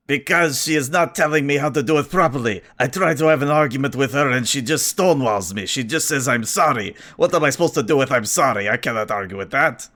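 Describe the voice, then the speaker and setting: A man's voice: medium pitch, fairly quick, few pauses, pushed and bright, lightly acted. A man doing a cranky pedantic alien engineer. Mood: indignant. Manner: pedantic and combative. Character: gruff argumentative male alien engineer.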